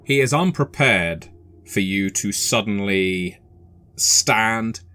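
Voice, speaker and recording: A man narrating a tabletop horror game as game master. His delivery is measured and unhurried. The voice sits low but sounds bright and forceful. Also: lively intonation, no echo, clean studio sound.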